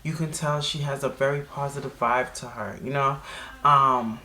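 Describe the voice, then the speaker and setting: A woman hosting a reaction video, chatting casually and jumping into high excited bursts. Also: normal speed.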